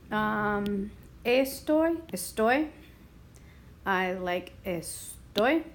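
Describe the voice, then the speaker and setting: A woman's voice: a little high, a little hiss or hum. Woman patiently explaining a lesson. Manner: patient, step-by-step, sounding out words. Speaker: Spanish teacher. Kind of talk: classroom explanation.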